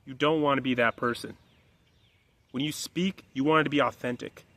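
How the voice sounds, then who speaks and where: A man's voice: mid-range voice, steady tone, normal speed, pushed and bright, dry recording. A man coaching his listeners through a long spoken story, acting out the people in it with raised, pleading voices and talking bluntly. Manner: blunt, direct, swears. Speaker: life coach. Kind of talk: motivational monologue told as a story.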